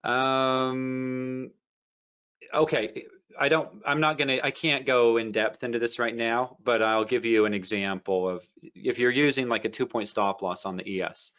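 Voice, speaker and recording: A man's voice: medium pitch, fairly even intonation, unhurried, a bit bright, smooth, lo-fi sound. A man giving a casual trading lesson, rambling through stories with many fillers and restarts. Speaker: trading educator. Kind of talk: casual teaching talk.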